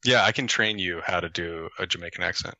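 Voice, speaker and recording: A man chatting as a show guest, halting and stop-start with lots of fillers. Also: low-pitched, creaky, bright, forceful tone, dry recording. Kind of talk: casual chat.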